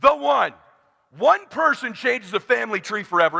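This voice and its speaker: Gravelly, bright man pushing hard in a hall. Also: extremely high pitch, animated, moderate pace. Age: 40s. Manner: blunt, swings from hushed to shouting. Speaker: sales trainer. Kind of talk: motivational seminar speech. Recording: long hall reverb.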